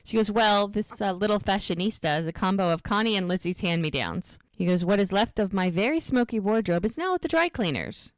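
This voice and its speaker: A woman's voice: medium pitch, very animated, fairly quick, few pauses, no room sound, studio quality. A woman co-hosting a podcast, casually retelling TV scenes and acting out the characters' lines. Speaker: podcast co-host recapping a TV show.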